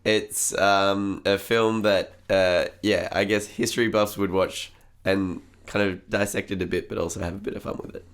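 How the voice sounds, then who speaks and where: A man's voice: deep voice, fairly even intonation, normal speed, smooth. A man, co-hosting a film podcast, chatty and laughing often, with frequent ums. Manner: laughs a lot, hesitant with ums. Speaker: podcast co-host. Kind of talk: casual film podcast chat.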